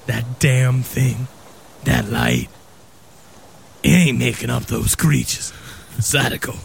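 A man's voice: mid-range voice, huge pitch swings, slow pace, vocal fry, a little hiss or hum, voice pushed down, full character voice. A man voicing a weary, heavy old male antique shopkeeper with a put-on Maine accent, drawling and ominous.

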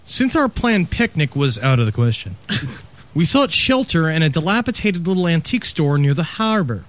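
Lively man reading a horror story. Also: on the high side, normal speed. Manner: joking, playful asides. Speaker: podcast host reading a story.

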